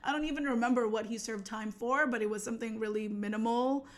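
Animated young woman telling a story. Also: fairly high pitch, fast. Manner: animated, slangy, acts out quoted voices. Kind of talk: casual storytelling chat.

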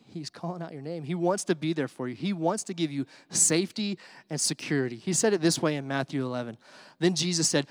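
A man preaching an Easter sermon in a conversational way, with asides and fillers, swinging from hushed to excited. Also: a little high, a little fast, dry recording. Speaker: pastor.

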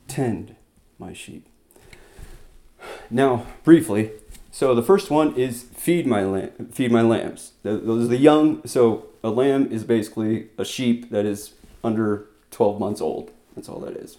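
A man preaching a sermon, retelling scripture in plain conversational words, going from loud emphatic lines to quiet soft ones. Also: mid-range voice, unhurried. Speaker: pastor.

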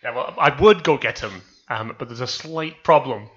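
A man's voice: medium pitch, moderate pace, a bit bright, slightly rough. A man co-hosting a comedy podcast, joking in casual banter and spinning absurd stories. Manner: playful, absurd storytelling. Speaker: podcast co-host. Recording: dull lo-fi podcast mic.

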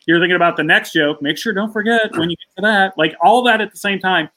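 A man's voice: high voice, fast, bright, forceful tone, rough recording. A man, a stand-up comedian, telling an anecdote as a podcast guest, acting out the voices of the people in it. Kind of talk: casual interview storytelling.

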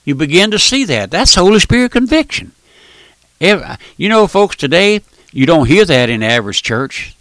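A man's voice: a little high, big pitch swings, moderate pace, a bit bright, no room sound. An older man preaching a radio sermon, emphatic and folksy.

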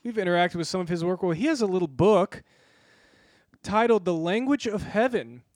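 A man's voice: high voice, lively intonation, moderate pace, darkish tone, dry recording. A man co-hosting a casual podcast, presenting a book segment with playful, mock-formal intros.

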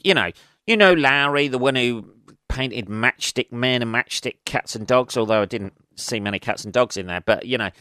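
A man's voice: medium pitch, fairly bright tone, clean tone, no echo. An English man, a comedian hosting his own podcast, rambling casually with lots of swearing and self-mocking asides into a close mic.

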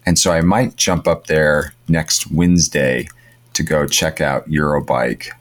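Male podcast co-host, very deep voice, casual and rambling, upbeat. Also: steady tone, a little slow. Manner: rambling, upbeat, many fillers and restarts. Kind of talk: casual chat.

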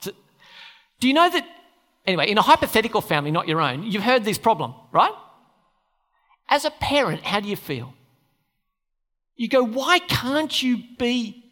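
A man's voice: high voice, very animated, normal speed, long pauses, pushed and bright. A pastor preaching a conversational sermon to his church, often turning questions to the listeners. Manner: conversational, asks the audience questions. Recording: long hall reverb.

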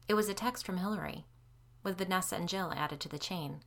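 A woman reading a first-person novel aloud, shifting her pitch and loudness to act out the characters' lines. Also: brisk. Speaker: audiobook narrator. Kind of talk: first-person audiobook narration.

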